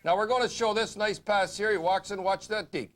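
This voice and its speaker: Blunt high-voiced hockey pundit. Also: male voice. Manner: blunt, opinionated, fast-talking. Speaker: hockey commentator. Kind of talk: TV sports segment commentary.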